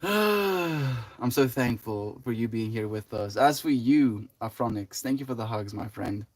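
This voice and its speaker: A man's voice: medium pitch, animated, unhurried. A young man chatting casually on a livestream, greeting chat by name and rambling loosely with many fillers and "dude" and "bro". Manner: rambling, laid-back, full of "like", "you know" and "dude".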